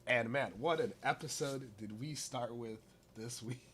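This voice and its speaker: A man's voice: mid-range voice, unhurried, a bit bright, husky. A man hosting a chatty podcast with a mid-range voice that is still worn from being lost. He rambles and restarts his sentences often. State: recovering from lost voice. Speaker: podcast host. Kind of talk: casual chat.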